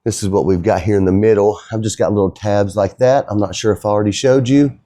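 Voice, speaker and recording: A man's voice: lowish voice, quick pace, warm tone, dry recording, studio quality. A middle-aged man, the owner of a fabrication shop, talking casually in a rambling, folksy way as he works. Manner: easygoing, rambling, folksy talk.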